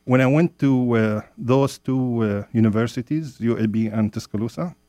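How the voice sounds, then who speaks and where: A man's voice: mid-range voice, normal speed, dark tone, dry recording. A man from Jordan, chatting as a radio guest in slightly broken English, often laughing. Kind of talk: casual radio chat.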